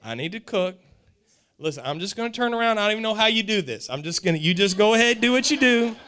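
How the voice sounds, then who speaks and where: Man putting on a fussy mom coaxing her son, lively high voice, bright. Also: fast. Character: fussy mother asking her son for help.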